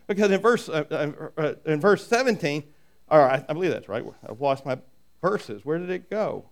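A man's voice: sits high, expressive, a little fast. A middle-aged man preaching a sermon in a conversational way, often asking "right?" and acting out quoted voices. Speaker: pastor.

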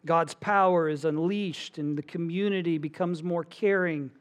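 A middle-aged man preaching from the pulpit, telling stories and acting out the voices of the people in them. His voice sits a little high for a man, and he preaches with an animated, conversational delivery. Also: normal speed. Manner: animated storytelling, acts out voices. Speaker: pastor. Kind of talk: sermon.

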